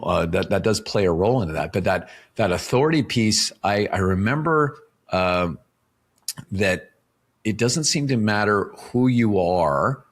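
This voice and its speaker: With a fairly low, animated voice at a measured pace, this middle-aged Canadian author and professional speaker chats casually as an interview guest on a podcast. He makes his points through stories, frequently ending them with "right?".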